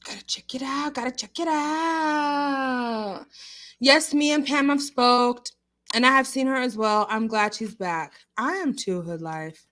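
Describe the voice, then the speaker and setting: A young adult woman hosting a casual livestream, chatting and answering viewers with emphatic, animated remarks. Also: a little high, moderate pace. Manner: chatty, emphatic, laughs often. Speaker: livestream host.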